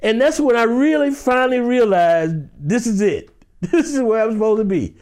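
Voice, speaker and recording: Brief: male actor from Detroit, lively anecdotal storyteller with a raised, animated voice. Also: very high-pitched, normal speed. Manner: vivid, dramatic, acts out scenes with shifting voices.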